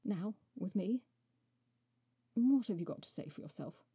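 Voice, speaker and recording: A woman voicing a male winged horse-like beast in a storybook reading, speaking slowly and teasingly. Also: mid-range voice, expressive, mellow, husky, dry recording, heavily acted. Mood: drawling, mocking.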